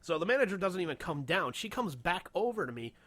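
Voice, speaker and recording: A young man co-hosting a casual podcast, telling a heated story full of swearing and quick laughs. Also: high-pitched, dry recording. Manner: profane, animated storytelling, frequent laughter. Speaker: podcast co-host.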